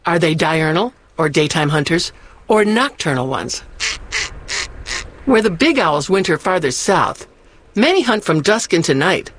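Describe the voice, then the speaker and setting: A woman hosting a short radio segment, reading scripted narration in a measured way. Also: lowish voice, big pitch swings. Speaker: host of a bird radio segment.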